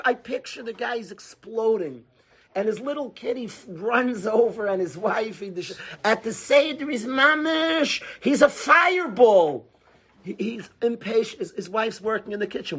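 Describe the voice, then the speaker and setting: At a moderate pace, a man with a husky, high-sitting voice gives an animated Torah lesson. He stresses his words, repeats important phrases, and keeps asking rhetorical questions.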